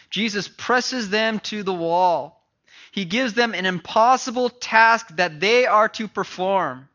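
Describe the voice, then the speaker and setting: A man preaching a sermon, swinging between loud declarations and hushed, pleading passages. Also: high-pitched, takes it slowly, muffled recording. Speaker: pastor.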